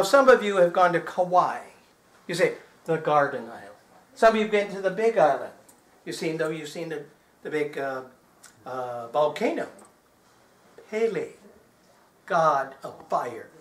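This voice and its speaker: A man's voice: high voice, animated, unhurried. A man from Texas doing chatty, joking stage patter as a magician, often asking his audience questions. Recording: roomy live hall sound.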